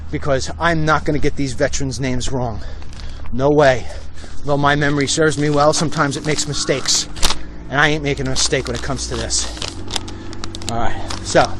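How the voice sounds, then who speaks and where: A man's voice: a little high, background noise. A man doing a heated, blunt political commentary on a walk-and-talk livestream outdoors, talking into a handheld phone. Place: outdoors on a street. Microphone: phone held while walking.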